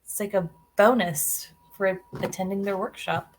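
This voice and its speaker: A woman's voice: mid-range voice, steady tone, moderate pace, slight background noise. Woman, teacher guest, earnest and a bit hesitant, speaking over a video call. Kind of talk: casual live-stream chat.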